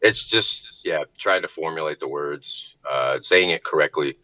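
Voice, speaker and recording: A man chatting casually as a podcast guest, relaxed and agreeable, asking questions. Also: extremely low pitch, unhurried, dry recording.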